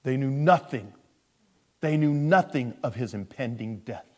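A man preaching a sermon. He is animated, swings from loud emphasis to hushed asides, and acts out the people he quotes. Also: medium pitch, a little slow. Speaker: pastor.

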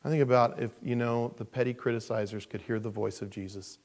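A man preaching a sermon. He is animated, swings from loud emphasis to hushed asides, and acts out the people he quotes. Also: mid-range voice, fairly quick. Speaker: pastor.

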